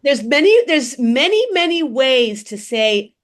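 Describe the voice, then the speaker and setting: A woman with a fairly high, lively voice talks politics on a casual chat show. She is blunt and animated and often restarts her sentences. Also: unhurried. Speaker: co-host.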